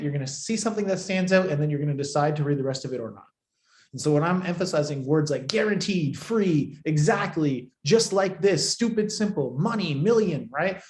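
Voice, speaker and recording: A man teaching a live online class, fairly high in pitch for a man. He talks bluntly and swears a lot, raising his voice and then dropping it low to make a point. His voice rings in an echoey room. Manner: blunt, profane, emphatic, swings loud and soft. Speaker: marketing coach.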